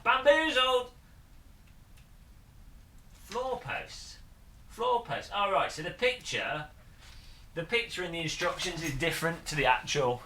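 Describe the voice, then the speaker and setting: A man streaming live, rambling and bemused, laughing often as he chats. His voice is sharp and bright and swings widely in pitch, with a faint room hum behind him. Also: expressive, moderate pace, echoey room. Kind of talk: casual live-stream chat.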